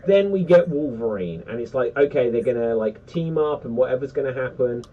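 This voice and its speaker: A man chatting casually on a pop-culture panel, rambling and animated with lots of fillers. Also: mid-range voice, a little fast. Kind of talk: casual chat. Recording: distant dull lo-fi mic.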